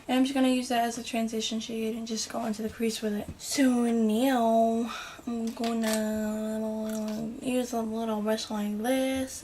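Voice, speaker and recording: Chatty woman vlogger, bright higher voice. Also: a little hiss or hum. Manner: chatty and rambling, with soft muttered asides. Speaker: beauty vlogger. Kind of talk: casual makeup tutorial.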